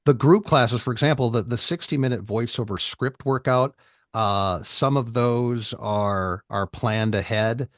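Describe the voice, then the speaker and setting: A man hosting an online voiceover class, explaining things in a relaxed conversational way. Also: medium pitch, unhurried, no echo, studio quality.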